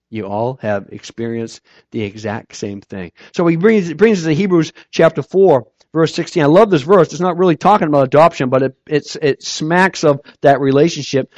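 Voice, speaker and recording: A man's voice: fairly high pitch, dry recording. A man preaching a sermon as pastor, in a conversational way, repeating words as he restarts his sentences. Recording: dull dry recording.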